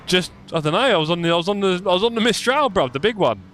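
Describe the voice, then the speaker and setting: A man's voice: high voice, animated, quick pace, a bit bright, slight background noise. A young man live-streaming sim racing, chatty and self-mocking, calling the race as he drives.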